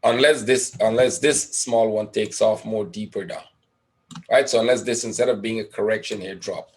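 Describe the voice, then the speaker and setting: A man's voice: on the low side, steady tone, moderate pace. A man teaching a live trading webinar, thinking aloud over a chart, asking and answering his own questions with frequent "right?" tags. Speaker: trading educator.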